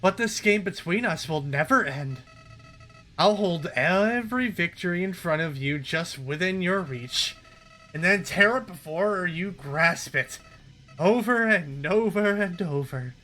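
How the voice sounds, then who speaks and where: A man's voice: high-pitched, expressive, bright, forceful tone, full character voice. A man reading as a taunting evil flower monster. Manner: reading game dialogue aloud, slow and taunting.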